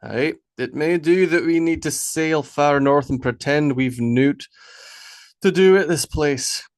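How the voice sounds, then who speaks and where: A man's voice: on the high side, takes it slowly, dry recording, pitched above the performer's own voice. Man doing a commanding viking chief, firm and decisive, audiobook character voice, dry close sound. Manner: firm, decisive, a little archaic speech. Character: gruff Viking war leader, steady and commanding.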